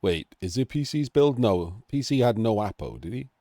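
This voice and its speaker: A man's voice: on the low side, sing-song, normal speed, warm tone, no room sound, studio quality. A Welsh man with a nasal, throaty voice, sick and coughing, chatting casually through a game analysis. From Wales. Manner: chatty, self-deprecating asides.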